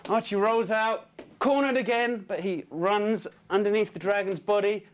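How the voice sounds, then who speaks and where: A man pitching storyboards, narrating the action vividly and adding his own sound effects. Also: normal speed.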